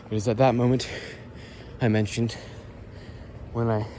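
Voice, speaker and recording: A man's voice: mid-range voice, little pitch movement, measured pace, mellow. A man vlogging while he walks and jogs outdoors, out of breath, rambling and humming made-up lyrics. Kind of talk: casual walk-and-talk vlog. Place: outdoors, walking and jogging. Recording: noisy outdoor ambience.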